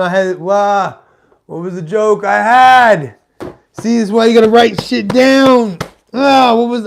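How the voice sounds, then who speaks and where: A man's voice: high-pitched, clear, resonant tone. A man hosting a morning live stream of stand-up, rambling and self-deprecating with casual swearing, talking to a webcam in front of a green screen. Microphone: webcam live stream setup.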